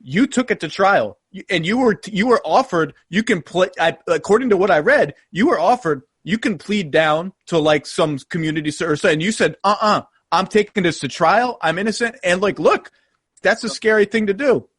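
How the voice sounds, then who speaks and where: A man hosts a podcast interview in a slightly raised, husky voice. The sound is dry and close, and he jumps in with eager follow-up questions. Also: sits high, animated, normal speed, no room sound. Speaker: podcast host. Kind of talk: conversational interview.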